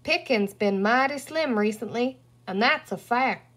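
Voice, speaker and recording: A woman's voice: on the high side, measured pace, fairly bright tone. A woman voicing a round, fat little green man who talks in a self-important cowboy drawl. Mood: chatty.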